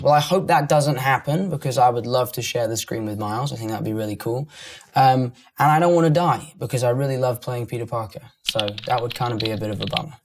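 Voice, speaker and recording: A man's voice: medium pitch, fast. Playful London man with music behind. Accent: London English. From London, England. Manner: playful, joking, chatty. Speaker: actor answering fan comments. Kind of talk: casual chat reacting to online comments.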